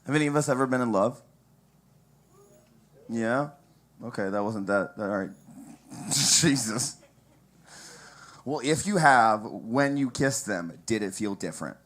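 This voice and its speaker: A man's voice: mid-range voice, animated, unhurried, pauses often, fairly bright tone. A young man doing a casual, crude stand-up set at an open mic, rambling with asides and chuckling at his own jokes.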